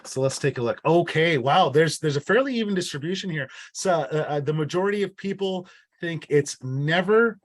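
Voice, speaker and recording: A man's voice: a little high, expressive, moderate pace. A man leading an online workshop. He talks casually and often repeats words and restarts his phrases. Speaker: workshop facilitator.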